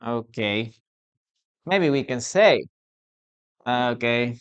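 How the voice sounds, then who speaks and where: English teacher, live online class, talks real slow, drills words over and over. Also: medium pitch, animated, clean tone, dull audio. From Peru. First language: Spanish. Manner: repetitive, drills pronunciation, asks the class questions.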